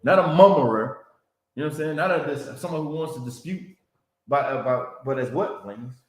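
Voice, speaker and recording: A man's voice: medium pitch, fairly quick. A man teaching a Bible class in a preaching style, repeating himself and checking in with "you understand?" and "man.". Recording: roomy echo.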